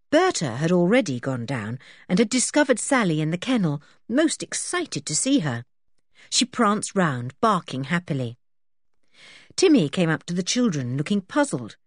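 Expressive woman reading a storybook. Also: fairly low pitch, dry recording, clean studio sound. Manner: expressive, even-paced reading. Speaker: narrator. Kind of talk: storybook narration.

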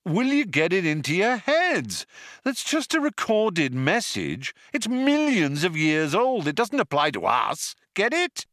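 A boastful, excitable starship captain, brash and loud even in a crisis, voiced by a man reading the story. The voice sits high and swings widely in pitch, with a bright edge. It is recorded close and dry. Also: measured pace, dry recording, heavily acted. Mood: exasperated.

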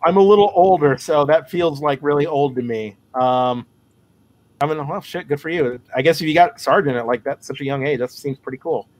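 A man's voice: on the high side, fairly quick, a little mellow. Teasing, slangy man on a podcast. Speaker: guest content creator. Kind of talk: casual podcast chat.

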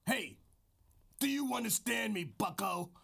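A man's voice: high voice, animated, measured pace, bright, forceful tone, breathy edge. A man co-hosting a comedy podcast, talking in a growling put-on wrestler voice with boastful, profane trash talk. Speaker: podcast co-host.

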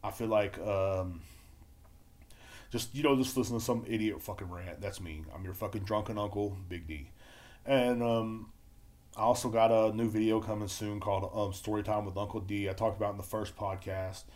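A lower-pitched man hosting a solo podcast rant. He swears nonstop and rambles from topic to topic, sometimes shouting and sometimes trailing off into a mutter. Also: steady tone, normal speed. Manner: profane, rambling, swings between loud outbursts and mumbling. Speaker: podcast host.

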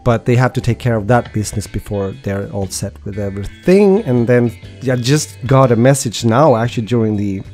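A man's voice: mid-range voice, animated, a little fast, few pauses, a little mellow, soft background music. A man from Sweden co-hosting a podcast, chatting casually with restarts and frequent laughs while nursing a slight cold. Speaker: podcast co-host. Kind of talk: casual chat.

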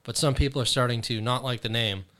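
American dude on a podcast, swears a lot, riffs on news stories. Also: male voice, mid-range voice, steady tone, quick pace, sharp tone. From United States. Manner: swearing, laughing, reading news items aloud. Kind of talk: casual chat.

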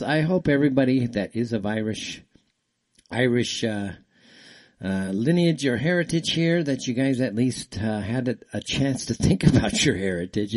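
A man's voice: medium pitch, darkish tone. A middle-aged man hosts a solo talk show in an ordinary mid-range voice. He rambles in a heated, ranting way, circling back over the same phrases and restarting his sentences. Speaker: show host.

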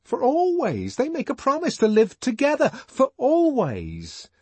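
A man's voice: very high-pitched, huge pitch swings, a little slow, a little mellow, slightly rough, no room sound, voice pushed up, full character voice. A man voicing a desperate, lovesick young man in an audiobook, pleading in strained poetic outbursts. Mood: earnest pleading. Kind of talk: audiobook character voice.

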